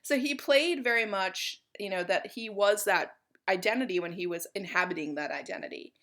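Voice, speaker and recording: A woman's voice: mid-range voice, normal speed, a bit bright. A woman giving a college art history lecture in a chatty, informal way, with many fillers.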